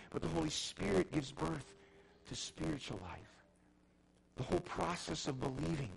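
Gravelly middle-aged pastor preaching. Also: male voice, a little high, poor audio. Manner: repeats and restarts words, swings between loud emphasis and quiet intensity. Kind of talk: sermon.

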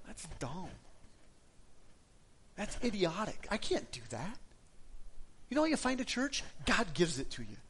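A man's voice: high-pitched, big pitch swings, a little slow, pauses often, fairly bright tone, a little hiss or hum. A middle-aged male pastor preaching a sermon in a conversational, storytelling way, often restarting his sentences.

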